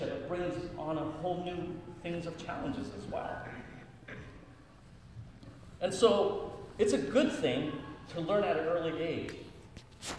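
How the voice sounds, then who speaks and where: Jokey middle-aged pastor in an echoey hall. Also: male voice, fairly high pitch. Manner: jokey, animated storyteller. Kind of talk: storytelling talk to children. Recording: echoey hall from far off, background noise.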